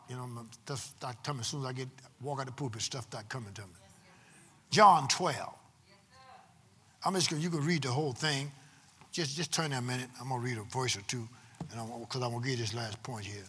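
A man preaching a sermon from the pulpit, swinging between loud, drawn-out proclamations and quick, quiet asides to the congregation. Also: mid-range voice, slightly rough, long reverb tail. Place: church sanctuary.

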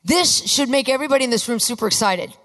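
A woman preaching a sermon with fervor, often rising to emphatic shouts. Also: a little high, lively intonation, fast. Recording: long reverb of a large hall.

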